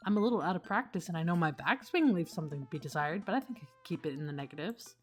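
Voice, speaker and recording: A woman's voice: fairly low pitch, expressive, racing, faint music behind, natural voice. A woman voicing a competitive dad in a dating game, speaking in a playful, exaggerated way. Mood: eager. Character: eager competitive adult dad, player character.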